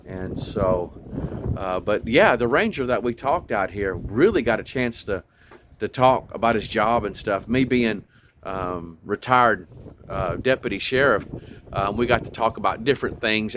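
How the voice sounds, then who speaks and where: A man's voice: medium pitch, a bit bright. An older man rambling through a casual travel vlog outdoors, with many ums and restarts. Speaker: RV travel vlogger. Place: outdoors at a state park campground. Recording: faint outdoor background noise.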